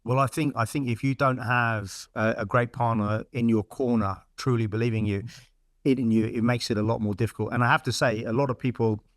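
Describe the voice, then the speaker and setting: A man's voice: medium pitch, fairly quick, no echo, clean studio sound. A middle-aged man frankly telling his career story in a casual interview. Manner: blunt, frank, lively retelling with quoted dialogue. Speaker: podcast guest.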